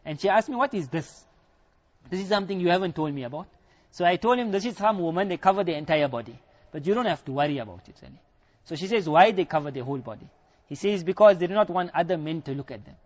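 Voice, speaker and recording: A man's voice: high voice, animated, fast. A man with a South African accent, preaching and retelling a story full of quoted dialogue. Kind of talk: storytelling sermon. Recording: dull lo-fi recording.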